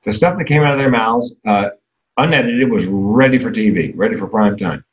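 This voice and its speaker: A man's voice: fairly low pitch, fairly quick, lo-fi sound. A man in his sixties giving a comedic keynote talk, candid and darkly self-deprecating.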